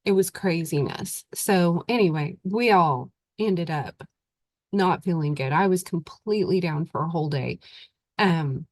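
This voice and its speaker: A woman's voice: fairly low pitch, measured pace, a little mellow, dry recording. A woman with an Oklahoma accent and a stuffy voice from recent illness, hosting her show in a rambling, chatty way into a computer mic at home. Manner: rambling, chatty, laughs often. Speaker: podcast host. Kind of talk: casual chat.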